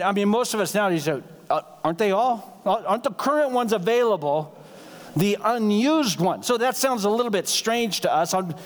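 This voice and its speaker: A man preaching as pastor, in a conversational sermon style that slips briefly into acted-out dialogue. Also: sits high. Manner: conversational, acts out quick dialogue lines. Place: church sanctuary. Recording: long hall reverb.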